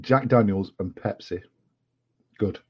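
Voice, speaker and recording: An Englishman with a low, husky voice talks in a loose, rambling way, often pausing with fillers and apologizing. The sound is dull and lo-fi, like a computer mic at home. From England. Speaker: guest. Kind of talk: casual livestream chat. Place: home at night.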